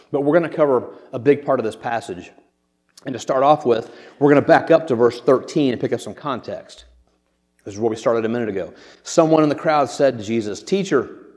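A man preaching in an earnest, conversational way, at an ordinary mid pitch for a man, often repeating a word as he gathers his thoughts. His voice rings out with a long hall reverb. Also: a little mellow. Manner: earnest, conversational, repeats words while thinking. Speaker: pastor. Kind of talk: sermon.

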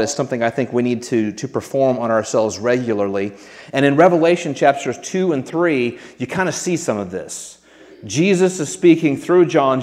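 A man's voice: medium pitch, a little mellow, long reverb tail. A man preaching a sermon to his congregation in an earnest, conversational way, often restarting his sentences. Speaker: pastor.

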